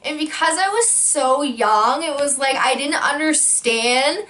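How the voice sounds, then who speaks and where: A young woman telling a casual storytime vlog, full of likes and ums, jumping into high voices when she acts out quotes. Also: expressive, a little slow, sharp tone. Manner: filler-heavy, many likes and ums.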